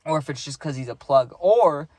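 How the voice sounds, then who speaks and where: A man's voice: a little high, lively intonation, normal speed, darkish tone, no echo. A young man telling a casual storytime, rambling with lots of "like" and "right?", and swearing freely.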